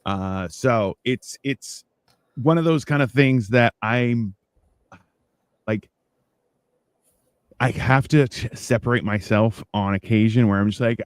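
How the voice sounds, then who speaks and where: Un uomo che conduce un podcast di chiacchiere informali, racconta storie animate e imita i dialoghi con voce più acuta. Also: male voice, slow, pauses often, clear, resonant tone, no echo, clean studio sound. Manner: animated storyteller, acts out exchanges in a higher voice. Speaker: podcast host. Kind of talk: casual chat.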